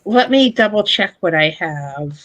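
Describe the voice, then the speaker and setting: A woman's voice: fairly low pitch, expressive, unhurried, fairly bright tone, muffled recording. A woman playing a tabletop game, speaking politely with slight stammers. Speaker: player. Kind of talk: tabletop role-play, casual.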